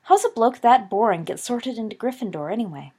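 Woman doing a brash young schoolboy wizard, scoffing and raised up in pitch, storybook read. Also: expressive, brisk, mellow, slightly rough. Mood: scornful. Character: cocky boastful schoolboy wizard, about eleven. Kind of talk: audiobook character voice.

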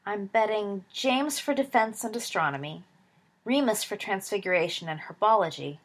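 A woman voicing a timid but sly teenage schoolboy in a storybook reading, innocent-sounding and hesitant, with a breathy voice. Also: mid-range voice, expressive, moderate pace, natural voice.

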